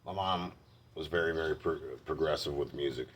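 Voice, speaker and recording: A man's voice: a bass voice, fairly quick, a little hiss or hum. A man telling candid personal stories in a blunt, heavily profane way. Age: adult. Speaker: vlogger.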